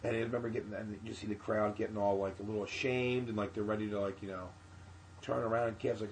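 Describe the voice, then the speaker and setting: A man's voice: lowish voice, fast talker, a little hiss or hum, rough recording. A male comedian telling a profane story on a podcast, acting out the people in it. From Philadelphia area. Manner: animated, profane anecdote with acted-out quotes. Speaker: comedian guest.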